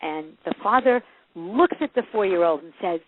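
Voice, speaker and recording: A woman with a lowish voice talks at a normal speed over phone-line audio. Interviewed as a parenting coach, she chats casually, telling lively stories, acting out the voices of the people in them and laughing often.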